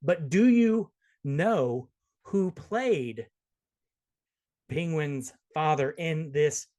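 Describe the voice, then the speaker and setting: A man's voice: a little high, expressive, a little mellow. Chatty male podcast host. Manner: jokey, quick, restarts often. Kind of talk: casual movie review chat.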